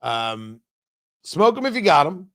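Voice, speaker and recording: Animated sarcastic talk radio host man. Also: a little high, measured pace. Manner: sarcastic, animated, mocking asides. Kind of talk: opinionated talk radio monologue. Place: radio studio.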